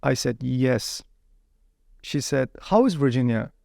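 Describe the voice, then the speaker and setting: A man telling his life story as an interview guest, animated, often repeating words while he searches for the next one. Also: mid-range voice, takes it slowly, vocal fry, dry recording, studio quality. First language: Uyghur.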